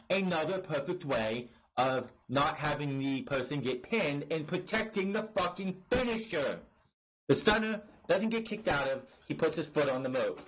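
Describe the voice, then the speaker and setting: A man's voice: on the high side, poor audio. A man hosting a wrestling review, ranting in an exasperated, profane way with lots of restarts and fillers. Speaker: podcast host reviewing wrestling.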